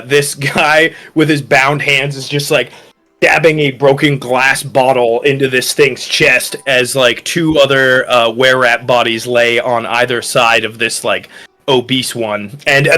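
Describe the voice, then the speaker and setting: A man's voice: medium pitch, pushed and bright. Rambling male game master. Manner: loose, rambling narration full of fillers. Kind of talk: narrating a tabletop game.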